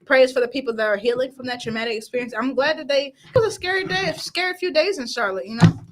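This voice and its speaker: A young woman co-hosting a casual podcast chat, bubbly and quick to laugh and give shout-outs. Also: high-pitched. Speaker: podcast co-host.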